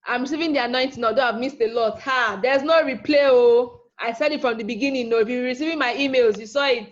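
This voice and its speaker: A woman's voice: a little high, fast talker. Chatty woman teaching online, lo-fi. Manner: chatty, teasing, repeats herself with "okay?". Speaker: online class instructor. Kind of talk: live online teaching session. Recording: dull lo-fi.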